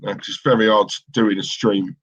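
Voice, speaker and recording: A man's voice: lowish voice, fairly even intonation, moderate pace, a bit bright, dull audio. A man co-hosting a live football watchalong stream, chatting casually and reading out viewer comments in a rambling, opinionated way with lots of fillers and restarts.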